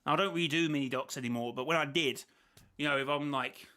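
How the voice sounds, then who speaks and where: Bright-voiced rambling man. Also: on the high side, quick pace. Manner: rambling, thinks aloud and second-guesses himself. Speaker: host reacting to a video. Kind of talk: casual reaction commentary.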